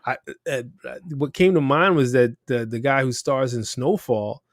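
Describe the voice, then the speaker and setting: A man hosting a casual talk show, speaking in an animated, emphatic way and swearing freely. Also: mid-range voice, normal speed, no room sound, studio quality. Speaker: podcast host. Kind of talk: casual chat.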